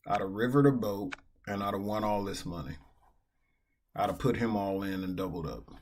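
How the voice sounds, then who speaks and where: Indoors at a computer, a man live-streams online poker, swearing heavily and venting as he talks casually through the game. His fairly low, slightly mellow voice moves at a moderate pace with frequent pauses, over a faint hiss or hum.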